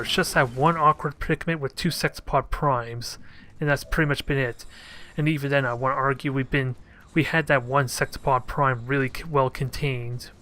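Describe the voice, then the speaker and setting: This fairly high-pitched man sounds pushed and bright, with a little hiss or hum in the recording. He casually narrates his strategy gameplay in let's play style, thinking out loud and joking at his units.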